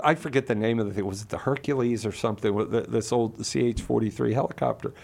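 A man's voice: mid-range voice, animated, quick pace, creaky. A middle-aged man telling a personal story and arguing a moral point, earnest and passionate, often repeating words when stirred. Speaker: Catholic speaker.

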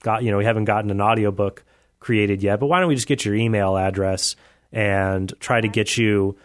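A man's voice: fairly low pitch, steady tone. Man hosting a call-in radio show. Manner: friendly, quick-thinking, restarts phrases. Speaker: radio host.

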